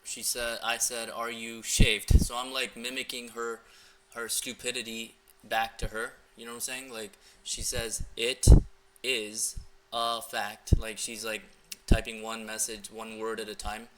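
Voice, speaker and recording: A young American man with a fairly low, sharp voice and flat delivery speaks at a moderate pace in a casual screen-recording walkthrough. Loose and filler-heavy, he coaches viewers on dating messages, with slight background noise.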